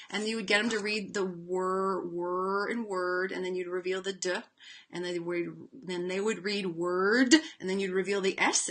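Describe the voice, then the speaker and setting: Bright-voiced woman teaching reading. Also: medium pitch, a little hiss or hum. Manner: chatty, demonstrates sounds slowly, frequent fillers. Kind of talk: instructional webinar talk.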